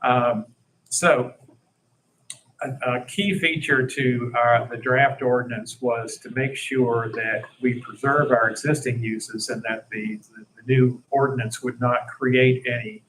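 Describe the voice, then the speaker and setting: A man at a council meeting works through a draft ordinance slide by slide. His voice sits at an ordinary middle pitch, loose and plain-spoken, with frequent "uh"s. A faint hum of the room stays underneath. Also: steady tone, slow, fairly bright tone, low-quality recording. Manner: self-deprecating, plain-spoken, many fillers. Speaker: presenter at a city council meeting.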